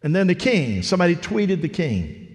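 A man's voice: high voice, very animated, moderate pace. A male pastor delivering a conversational sermon with a storytelling style, recorded in a church. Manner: conversational preaching, acts out parable voices. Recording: long reverb of a large hall.

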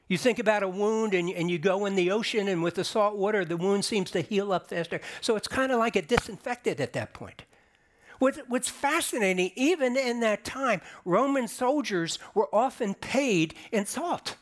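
A man delivering a sermon as a pastor, explaining scripture in a conversational way and rising for emphasis. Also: high voice. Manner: conversational preaching with restarts and emphatic rises. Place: church sanctuary.

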